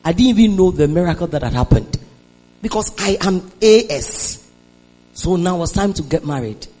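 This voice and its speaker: A Nigerian woman preaching a sermon, moving between hushed storytelling and shouted declarations and calling on the congregation to respond. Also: on the low side, lively intonation, moderate pace, rough recording. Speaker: preacher giving a testimony.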